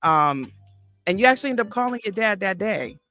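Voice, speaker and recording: A woman's voice: mid-range voice, animated, sharp tone, soft background music. A woman therapist and life coach hosting an interview, speaking reflectively with frequent restarts. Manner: reflective, halting with restarts and fillers. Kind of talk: casual interview conversation.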